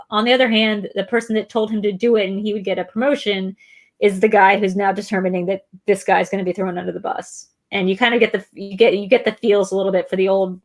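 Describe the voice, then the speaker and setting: A woman co-hosting a movie discussion show, rambling in a casual, profane way with lots of filler words. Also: mid-range voice. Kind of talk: casual film discussion chat.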